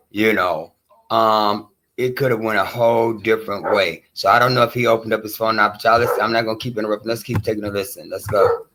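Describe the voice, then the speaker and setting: A man's voice: on the low side, sharp tone. A man hosting a show, giving casual and rambling commentary on a clip he is playing. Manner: conversational, rambling, full of fillers. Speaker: show host reacting to a clip.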